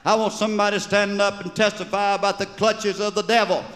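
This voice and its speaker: Southern guy doing a hollering country revival preacher, way high pitched, big reverby stage. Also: flat delivery, fast, fairly bright tone. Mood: fervent. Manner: hollering, pushing for testimony. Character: fiery small-town male revival preacher. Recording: live stage recording with long reverb.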